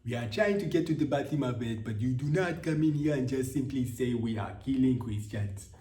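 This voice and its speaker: A man's voice: medium pitch, brisk, dark tone, slight background noise, lightly acted. A man voicing a defensive male Nigerian government spokesman with a put-on Nigerian accent, evasive and rambling, saying "eh, eh.". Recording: roomy, distant from mic.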